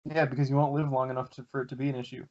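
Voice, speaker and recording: A man's voice: mid-range voice, little pitch movement, very fast, very noisy. A man co-hosting a podcast, trading teasing jokes with plenty of swearing. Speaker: podcast co-host. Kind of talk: casual podcast banter. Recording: dull lo-fi podcast audio.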